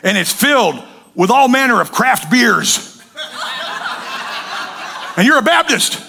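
A man's voice: very high-pitched, slow pace, vocal fry, noisy background. A man preaching a sermon, telling stories with jokes and acted voices. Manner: joking, animated storytelling with acted voices. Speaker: pastor.

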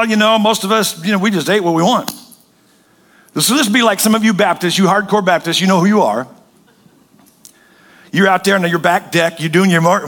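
High, bright-voiced joking man preaching. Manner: joking, animated storytelling with acted voices. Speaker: pastor. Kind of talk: sermon.

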